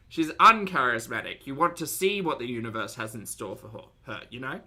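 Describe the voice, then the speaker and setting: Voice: medium pitch, lively intonation, a little fast, bright, forceful tone. Blunt, sarcastic streamer. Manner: blunt, sarcastic, swears freely. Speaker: streamer reacting to videos. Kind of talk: live-stream commentary to chat.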